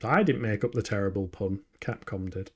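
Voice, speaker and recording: A young Yorkshireman with a lowish, darkish, slightly rough voice talks at a moderate pace while streaming a game. He chats with viewers in a casual, self-deprecating way and mutters to himself as he plays.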